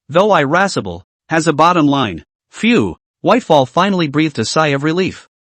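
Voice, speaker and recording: A man narrating a comic story recap in a scripted, expressive reading. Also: on the high side, dry recording.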